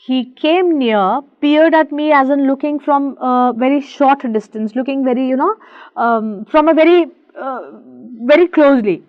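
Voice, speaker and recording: A woman's voice: sits high, moderate pace, dry recording. A woman teacher reading a short story aloud line by line and explaining each part in simple words, with many fillers. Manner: reads a line aloud then paraphrases it, with fillers. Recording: dry, dull lo-fi sound.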